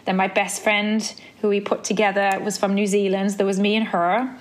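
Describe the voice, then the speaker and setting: A woman in her forties from the Black Country in England, her accent softened by years in America, chatting quickly as an interview guest and laughing often. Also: mid-range voice, level tone. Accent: English Black Country, softened by travel and time in America. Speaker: guest, Pilates instructor and former dancer. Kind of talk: casual interview chat.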